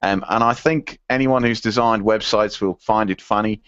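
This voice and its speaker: Low-voiced rambling podcast co-host man. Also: steady tone, moderate pace, fairly bright tone, smooth, no echo, muffled recording. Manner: rambling, lots of fillers and laughs. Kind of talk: casual chat, reading listener emails.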